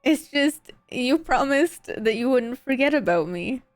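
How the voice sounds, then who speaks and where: A woman's voice: sits high, animated, unhurried, no echo, soft background music, voice pushed up. A woman voicing a flustered young woman scientist who stammers and gets defensive, reading from a visual novel game. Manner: stammering, defensive, rattles off jargon.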